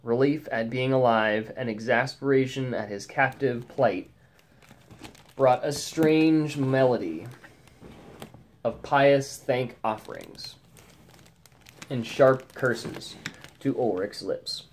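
Man narrating a short story, measured and deliberate. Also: medium pitch, slight background noise.

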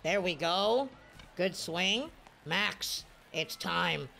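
A young man giving live commentary over his own gameplay, swinging from quiet mutters to sudden shouts. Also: high voice, lively intonation, extremely slow, gravelly, over music. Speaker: gaming video creator.

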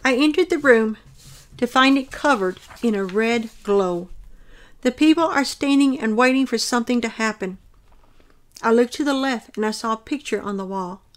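Earnest woman reading a dream account. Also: fairly high pitch. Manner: earnest, measured and descriptive. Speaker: narrator of her dreams.

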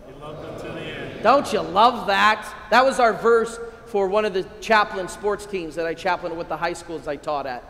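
A middle-aged American priest giving an excitable, energetic keynote talk to a men's conference, with sudden loud bursts. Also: male voice, high voice, a little hiss or hum. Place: large hall at a conference. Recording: echoey hall, long reverb.

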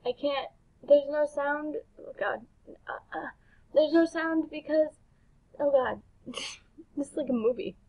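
Woman gamer, higher voice, slow bewildered reactions, dull lo-fi recording. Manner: bewildered, exclaiming, laughing between lines. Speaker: gaming YouTuber. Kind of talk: reading game text aloud with reactions.

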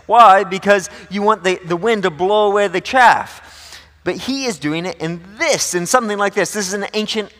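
A man's voice: sits high, moderate pace, a bit bright. A male pastor preaching a sermon in a conversational, joking way, with a long church reverb. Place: church sanctuary.

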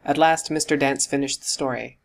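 A man reading a classic novel aloud as an audiobook narrator, in a steady, even storytelling manner. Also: medium pitch, a little fast, creaky. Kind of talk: scripted narration.

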